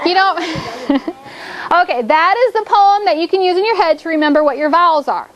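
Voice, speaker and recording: A woman's voice: very high voice, normal speed, fairly bright tone. A woman teacher leading a classroom phonics lesson, upbeat and coaxing, making the drill into a playful points game.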